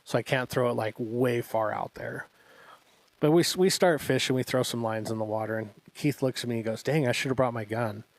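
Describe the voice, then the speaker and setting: A man's voice: mid-range voice, brisk, creaky, no echo. Man, podcast co-host, casual storytelling, acts out quotes, mid-range voice, dry studio sound. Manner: animated anecdote-telling with acted-out quotes.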